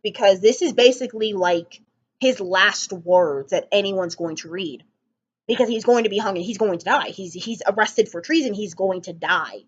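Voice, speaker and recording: A woman's voice: medium pitch, moderate pace, husky, muffled recording. A woman giving a casual spoken album review, enthusiastic and rambling, with frequent ums and restarts.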